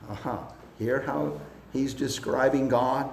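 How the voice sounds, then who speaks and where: A man preaching a sermon in a slow, deliberate way, building up in pitch and force at the high points. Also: fairly even intonation, vocal fry, roomy sound.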